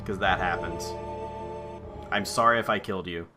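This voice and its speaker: A man's voice: low voice, normal speed, sharp tone, faint music behind. Sarcastic man doing game commentary. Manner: sarcastic, profane, joking. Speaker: let's play host. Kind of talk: gameplay commentary.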